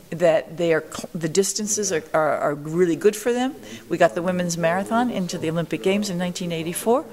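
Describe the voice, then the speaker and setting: Older lady telling her story in an interview, lively, does the voices, a bit low-pitched. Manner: animated storyteller acting out quoted voices. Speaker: interviewee, marathon pioneer.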